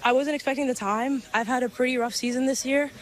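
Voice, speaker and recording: A woman's voice: high voice, steady tone, quick pace. Breathless teen girl athlete from Belize, post-race interview, hesitant and casual. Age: late teens.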